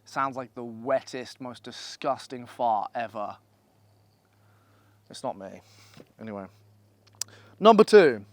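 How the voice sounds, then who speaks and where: A young man gives blunt, profane, energetic motivational advice in a casual vlog, speaking at a holiday villa. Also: medium pitch, takes it slowly, long pauses. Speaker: online business coach.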